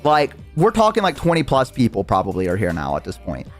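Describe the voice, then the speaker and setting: A man's voice: medium pitch, huge pitch swings, a little fast, faint music behind. A young adult man, a streamer, telling a story in a rambling casual way, full of fillers and swearing.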